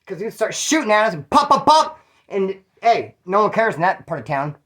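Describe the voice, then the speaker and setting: A man's voice: high voice, animated, brisk, a bit bright. A man from Bakersfield, California, telling prison stories in a slangy, profane, rambling way with frequent asides. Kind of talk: casual storytelling monologue.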